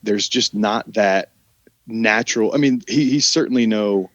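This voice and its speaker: A man's voice: on the low side, measured pace, no echo, lo-fi sound. A man with a Southern American drawl, an actor guest talking in a casual podcast interview, rambling with many restarts and trailing sentences.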